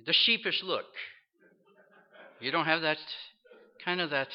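A man's voice: on the high side, normal speed, pauses often, clean tone. A man preaching a storytelling sermon, earnest, acting out the voices of people in his story. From Toronto area, Canada. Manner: earnest, acts out quoted voices. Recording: dull lo-fi recording.

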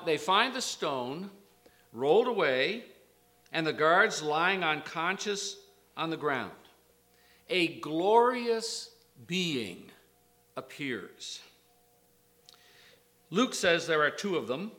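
Slow, lively-pitched male preacher. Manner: slow, emphatic, with sudden lifts in pitch and volume on quotations; scholarly asides and hesitations. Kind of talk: expository sermon.

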